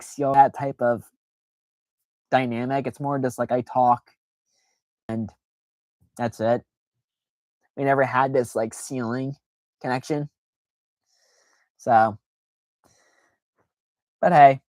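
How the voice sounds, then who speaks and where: A woman's voice: a bass voice, darkish tone, dry recording. A woman streaming a casual, rambling chat, full of fillers and self-deprecating asides, who acts out quoted reactions in playful voices.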